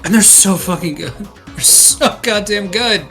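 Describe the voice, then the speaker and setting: A man chatting casually during a game session, telling lively stories and acting out other people's lines. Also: high voice, a little slow, faint music behind. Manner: animated storyteller who acts out quoted voices. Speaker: co-host of a gaming let's play. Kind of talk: casual chat.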